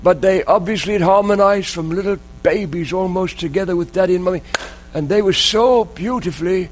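High-voiced male preacher telling a story. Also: rough recording. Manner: earnest, emotional storytelling with dramatic pauses. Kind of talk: sermon storytelling.

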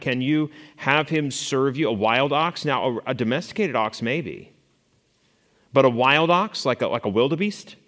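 A man's voice: mid-range voice, a bit bright. Man teaching Bible class in a reverberant hall. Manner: conversational, asks the class questions, many fillers and restarts. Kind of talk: Bible study lesson. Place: classroom or church hall with a board. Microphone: stationary mic he moves away from while walking.

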